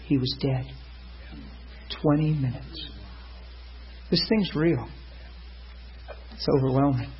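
A man preaching a sermon, telling a story and acting out the people in it with sudden loud high bursts. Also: a little hiss or hum. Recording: muffled lo-fi sound.

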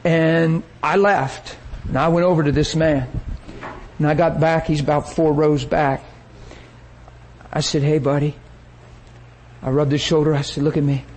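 A man preaching a sermon, telling a story with lively energy and acting out the people he quotes. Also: a little high, a little slow, pauses often, a little hiss or hum, poor audio.

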